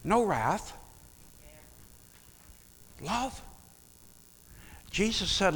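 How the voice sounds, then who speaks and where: A male pastor delivering a sermon in an animated, conversational way, asking the congregation questions. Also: high-pitched, takes it slowly, long pauses, slightly rough. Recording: long reverb of a large hall.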